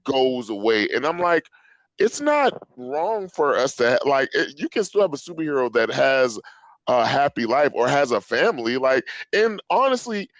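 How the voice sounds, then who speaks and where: A man's voice: medium pitch, big pitch swings, normal speed, dry recording, rough recording. A man chatting casually on a comics podcast panel, emphatic and crude, laughing often. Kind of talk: casual chat.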